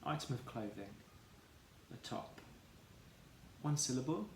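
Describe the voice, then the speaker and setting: A man teaching a phonics lesson for children, sounding out each letter slowly and carefully. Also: medium pitch. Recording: echoey room, faint background noise.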